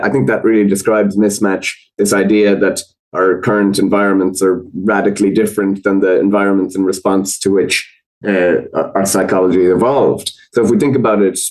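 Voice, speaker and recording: A man with an Irish accent, a podcast guest explaining research in a thoughtful, measured way with frequent fillers. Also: lowish voice, mellow, low-quality recording. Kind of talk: conversational explanation.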